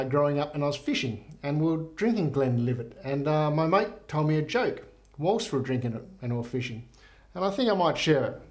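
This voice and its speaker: A man's voice: on the high side, darkish tone. A man reviewing whisky in a loose, rambling, casual way, swearing freely. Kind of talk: casual joke-telling and review.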